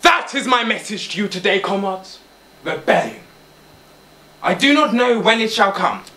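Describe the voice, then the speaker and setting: A male drama student playing an old boar who stirs the farm animals to revolt, with fiery oratory, a rasping menace and shouted key words. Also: high voice, animated, moderate pace. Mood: rousing. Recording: roomy, distant mic.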